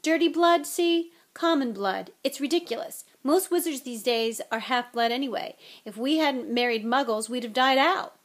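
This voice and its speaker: Hoarse schoolboy, woman reading, weak, sick, audiobook. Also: high-pitched, normal speed, few pauses, pitched above the performer's own voice. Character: young wizard boy, sick and hoarse. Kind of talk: audiobook character voice.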